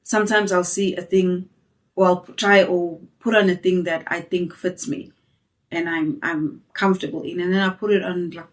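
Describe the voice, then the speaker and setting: Chatty woman in her forties, low voice. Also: little pitch movement, moderate pace, far from the mic. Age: 40s. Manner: chatty, candid, lots of restarts and fillers. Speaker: vlogger. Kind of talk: casual chat to camera.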